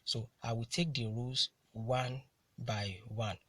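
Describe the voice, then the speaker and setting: Slow, husky male English teacher. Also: medium pitch, steady tone, fairly bright tone, no echo. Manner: deliberate, repeats "now" to move on. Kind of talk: classroom lesson on word stress.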